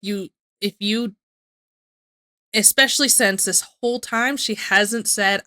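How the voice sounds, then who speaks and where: A woman talks through her reactions in a loose, rambling way, often stopping to correct herself. Her voice is bright and forward. The sound is dry, with no room echo. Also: mid-range voice, slow. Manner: rambling, self-correcting, reads messages aloud. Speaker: reaction commentator. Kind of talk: casual reaction commentary.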